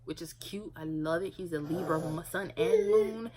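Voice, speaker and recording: Lower-voiced young woman rambling to camera. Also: wildly swooping pitch, normal speed, a loud crowd, low-quality recording. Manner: rambling, many filler words. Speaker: parent vlogger. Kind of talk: casual talk to camera.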